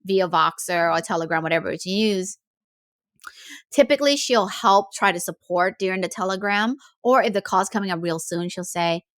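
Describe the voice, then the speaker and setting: A woman's voice: medium pitch, normal speed, dry recording, clean studio sound. A woman life coach speaking in a casual, reflective way, with frequent fillers and restarts as she thinks aloud. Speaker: life coach, podcast host.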